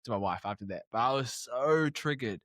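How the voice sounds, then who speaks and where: A man's voice: medium pitch, a little fast, dry recording, clean studio sound. A young man with a New Zealand accent, chatting casually on a podcast and acting out the people in his stories. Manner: animated, acts out dialogue in stories. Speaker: podcast guest. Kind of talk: casual storytelling chat.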